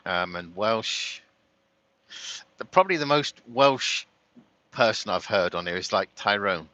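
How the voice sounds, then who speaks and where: This man from London, England chats and rambles behind the wheel with a London accent, laughing frequently in his vlog. His voice is on the low side, expressive, bright, and forceful, with an unhurried pace and a dry recording.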